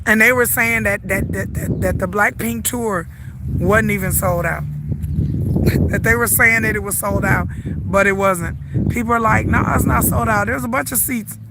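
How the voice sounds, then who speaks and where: A middle-aged woman with a Southern US accent, congested and hoarse from the flu, chatting and rambling as she walks and livestreams in a park. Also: mid-range voice, fairly even intonation, normal speed, heavy background noise. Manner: chatty, rambling, laughs often. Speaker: vlogger. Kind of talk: casual livestream chat while walking. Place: outdoors at a lake park.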